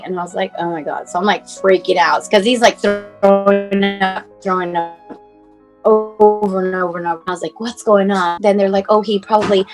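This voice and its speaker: A woman's voice: medium pitch, low-quality recording. Emotional mother in her forties. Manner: emotional, halting, many fillers, near tears at times. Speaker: mother telling her son's story as guest. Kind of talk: personal storytelling, casual and unscripted. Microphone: video call.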